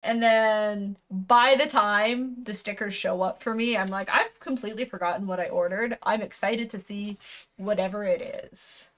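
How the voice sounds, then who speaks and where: A woman's voice: medium pitch, moderate pace, a bit bright. A woman streamer chatting casually while unboxing, rambling and correcting herself, with a casual swear here and there.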